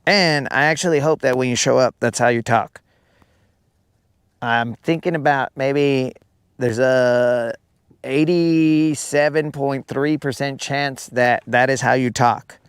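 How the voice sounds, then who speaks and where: A man's voice: mid-range voice, fairly even intonation, slow, smooth, dry recording, studio quality. A man hosting a live fishing stream, chatting casually with viewers and trading teasing jokes full of slang.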